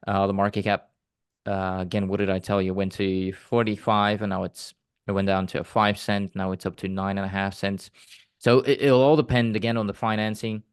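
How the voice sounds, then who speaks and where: A man's voice: lowish voice, little pitch movement, moderate pace, smooth, no echo, clean studio sound. A man hosting an interview, chatting casually in a rambling way before bringing in his guest. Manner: rambling, with fillers and restarts. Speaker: interview host.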